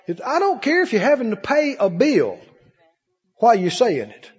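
A preacher in a big church hall, his high voice leaping all over the place as he shifts between ringing cries and hushed asides. His tone is husky. The recording sounds muffled and carries a long hall echo. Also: wildly swooping pitch, normal speed. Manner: preacherly call-and-response, swinging from loud high cries to low murmurs. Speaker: pastor. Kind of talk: sermon.

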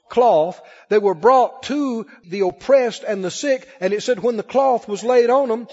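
High-voiced preacher in an echoing hall. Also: male voice, a little mellow, slightly rough. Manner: preaching with call-and-response, dramatic pauses and acted quotes. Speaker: pastor. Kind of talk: sermon. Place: church service with a congregation. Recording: lo-fi broadcast with long hall reverb.

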